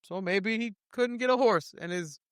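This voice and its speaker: A man co-hosting a podcast, talking in loud, animated casual banter, often laughing. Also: high voice, moderate pace, smooth, no room sound, clean studio sound. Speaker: podcast co-host.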